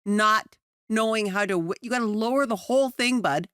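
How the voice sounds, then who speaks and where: A woman in her thirties hosts a chatty podcast, telling stories with lively energy and frequent laughter. Her voice sits in a middle pitch and is recorded close and dry on a studio mic. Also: moderate pace, clean tone, no echo. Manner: animated, laughs often, acts out stories. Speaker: podcast co-host. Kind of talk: casual chat recapping a sitcom episode.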